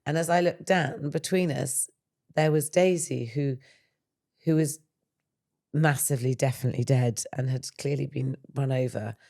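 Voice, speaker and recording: A woman, hosting a podcast and telling a family story in a lively, laughing way. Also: rumbling low, normal speed, gravelly. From England. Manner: animated, laughs through her story. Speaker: podcast host. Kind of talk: casual chat, storytelling.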